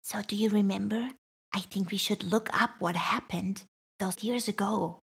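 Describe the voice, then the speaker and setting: A woman's voice: mid-range voice, fairly even intonation, normal speed, creaky, husky. A woman playing in a tabletop role-playing game, thinking aloud and stammering. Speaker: player.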